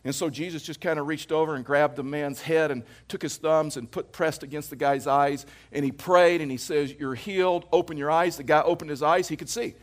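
A man's voice: a little high, fairly even intonation, fairly quick, few pauses. A man in his fifties preaching a sermon as pastor, casual and anecdotal, repeating phrases for emphasis. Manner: conversational, anecdotal preaching with jokes.

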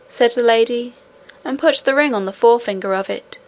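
A woman reading a children's story aloud in a gentle, carefully paced way. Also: fairly high pitch, moderate pace. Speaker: audiobook narrator.

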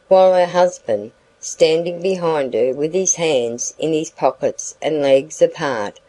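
Audiobook narrator, woman; measured, unhurried delivery with a warm tone. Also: low-pitched, rough recording. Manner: measured, even storytelling. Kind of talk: scripted narration.

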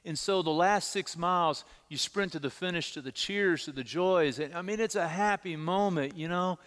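A middle-aged male pastor preaching a sermon, telling personal stories in an animated way and repeating words as he stresses them. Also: high-pitched, moderate pace, in a large hall. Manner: animated storytelling, repeats words when emphasizing.

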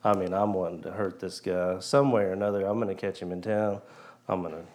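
A man's voice: low-pitched, steady tone, brisk, darkish tone. A man preaching, telling a personal story in a folksy way and acting out the dialogue.

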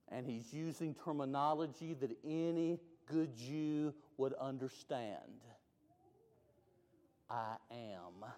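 Man preaching in a reverberant hall. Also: mid-range voice. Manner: dynamic preaching, swings from loud climaxes to hushed lines. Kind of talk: sermon. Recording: long reverb of a large hall.

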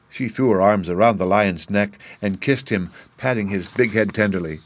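A man reading a storybook aloud as an audiobook narrator, calm and even. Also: on the low side, moderate pace, hardly any pauses, no room sound.

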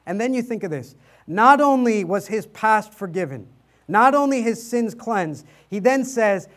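A man's voice: high-pitched, lively intonation, normal speed, a bit bright. A man preaching a sermon as pastor, speaking rhetorically, repeating his points and asking "right?" often, and reading scripture dramatically.

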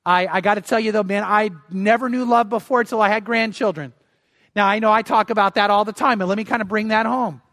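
A man's voice: high-pitched, steady tone, brisk, a bit bright, dry recording, studio quality. An older man preaching a sermon as pastor, earnest and emphatic, often repeating words as he restarts.

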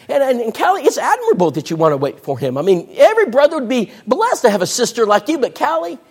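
A man with a high, breathy voice preaches an animated sermon in an echoey hall, telling a story and acting out the voices of its characters.

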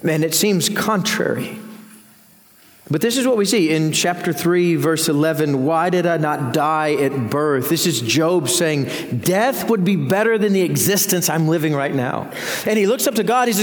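Senior pastor, man, earnest preacher with a slightly high voice, recorded in a reverberant church hall. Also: animated, normal speed. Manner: earnest, rising in pitch when voicing Job's laments. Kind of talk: sermon.

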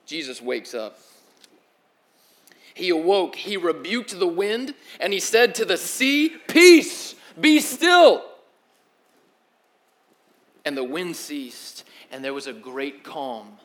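A young man preaching a sermon, telling the story in an animated, slangy way that swings from loud to hushed. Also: fairly high pitch, slow pace. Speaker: pastor.

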